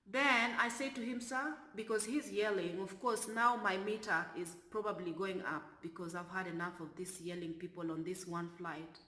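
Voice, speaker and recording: A woman, a flight attendant, telling a story from work in an animated way that turns loud when she is exasperated. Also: mid-range voice, reverberant. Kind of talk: storytelling vlog.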